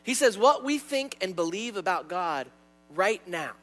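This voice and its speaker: Young male pastor, high-pitched, animated sermon delivery, stumbles on repeated words. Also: unhurried. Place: church sanctuary.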